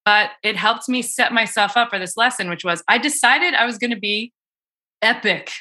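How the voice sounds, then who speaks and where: Chatty woman coach, bright voice. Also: fairly high pitch, moderate pace. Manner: chatty, many fillers and restarts. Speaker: cold exposure coach. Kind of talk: casual podcast conversation.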